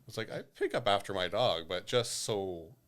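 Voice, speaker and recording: A man co-hosting a podcast, telling a story in a loose, profane, animated way. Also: on the low side, moderate pace. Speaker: podcast co-host. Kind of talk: casual storytelling chat.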